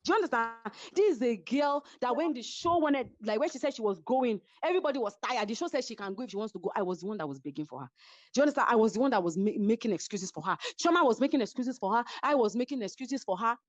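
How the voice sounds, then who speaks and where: Fast, lively Nigerian woman, high voice. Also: no echo. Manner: animated, acts out quoted voices, code-switching. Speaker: reality show cast member. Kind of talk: heated casual retelling. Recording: dull, dry lo-fi audio.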